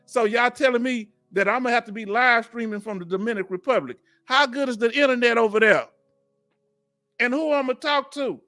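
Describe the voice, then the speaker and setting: A man's voice: extremely high pitch, sharp tone. A man from Houston with a Southern Texas accent, hosting a casual live stream and joking with his viewers, laughing often. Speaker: veteran livestream host.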